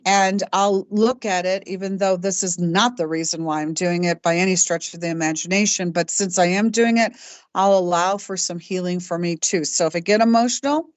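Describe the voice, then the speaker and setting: A woman with a lowish voice hosts her own talk show, speaking alone at length. She talks haltingly, circling back and restarting her phrases. The sound is dry and close, with no room around it. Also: steady tone, no echo. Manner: halting, with frequent restarts and fillers, self-described stoic. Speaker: host. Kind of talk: personal talk show monologue.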